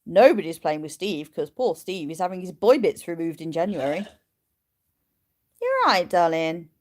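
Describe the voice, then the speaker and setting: Her voice is lowish and mellow, and she speaks briskly. She's a livestream host who keeps sheep, casually chatting, taking viewer questions and cooing at the animals.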